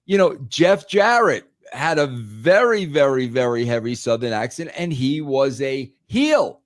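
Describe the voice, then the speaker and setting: A man's voice: mid-range voice, big pitch swings, unhurried, no room sound, studio quality. A man talking in a casual podcast chat, emphatic, repeating words and saying "bro" a lot. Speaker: podcast guest, former wrestling writer.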